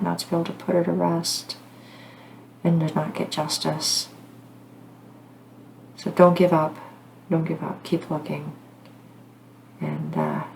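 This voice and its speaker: Gravelly low-voiced woman, rambling. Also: slight background noise. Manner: rambling, earnest, with frequent fillers and apologies. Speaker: psychic medium channel host. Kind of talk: casual storytelling to camera.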